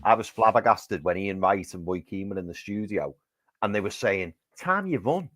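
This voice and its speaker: A man on a fan panel, excitedly retelling what he saw and acting out quotes. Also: low-pitched, moderate pace, no echo. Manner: animated storyteller, acts out quotes. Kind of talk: excited football fan chat.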